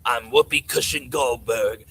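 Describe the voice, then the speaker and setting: A man doing a slow, pompous impression of a female talk-show host. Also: medium pitch, a bit bright, breathy edge, heavily acted.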